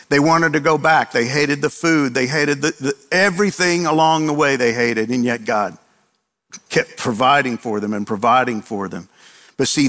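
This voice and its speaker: Emphatic repetition marks this sermon, as the preacher poses rhetorical questions and answers them himself. His voice is medium-pitched and a bit bright, recorded with a long hall reverb.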